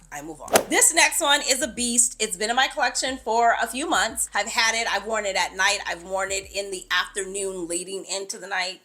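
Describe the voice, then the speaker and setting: A woman vlogger in casual chat to the camera, animated and playful, with quick asides. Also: mid-range voice, a little hiss or hum. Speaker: fragrance vlogger.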